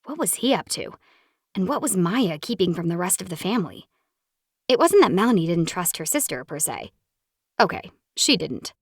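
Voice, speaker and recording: Brief: woman audiobook narrator, animated and expressive, slightly low voice, dry booth sound. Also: moderate pace, husky, no echo. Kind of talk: scripted romance narration.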